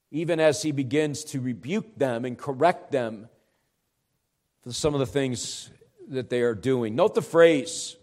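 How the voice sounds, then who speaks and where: A pastor delivers an expository sermon in a notably high voice for a man. He explains things in an earnest, teacherly way and presses his points with rising, emphatic urgency.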